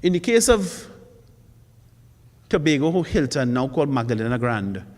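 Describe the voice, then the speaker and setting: A man's voice: mid-range voice, very animated, normal speed, a little mellow. A man speaking as a forum panelist, emphatic and rhetorical, stressing points by repeating them. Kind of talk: public forum speech. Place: college forum hall. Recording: long hall reverb.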